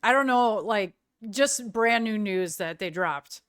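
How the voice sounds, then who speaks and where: A woman's voice: medium pitch, expressive, slow pace, fairly bright tone, dry recording, clean studio sound. A middle-aged woman streaming live, chatting casually with viewers in a rambling way and often searching for words.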